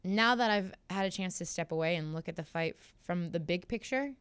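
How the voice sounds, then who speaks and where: A woman's voice: lowish voice, fairly quick, clean tone, no room sound. A young woman guest in a studio interview, telling her story candidly and acting out what others said. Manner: candid, animated storytelling, acts out quotes. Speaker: guest fighter. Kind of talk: casual interview chat.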